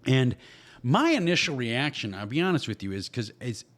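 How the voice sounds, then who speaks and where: A man's voice: medium pitch, big pitch swings, moderate pace, fairly bright tone. A man talking bluntly on a casual podcast, heated and swearing constantly. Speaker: podcast host. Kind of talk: casual profane podcast talk.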